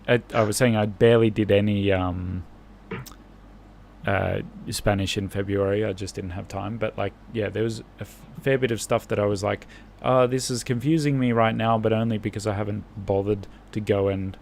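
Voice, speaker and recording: A man's voice: lowish voice, little pitch movement, normal speed, vocal fry, a little mellow, slight background noise. A man learning a language who chats casually on a live stream, hesitant and often restarting his sentences.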